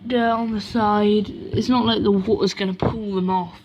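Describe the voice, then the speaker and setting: A woman's voice: mid-range voice, steady tone, moderate pace, darkish tone, a little hiss or hum. A woman vlogging casually at home beside a washing machine, rambling and correcting herself as she goes. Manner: rambling, self-correcting, chatty asides. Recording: dull lo-fi home recording.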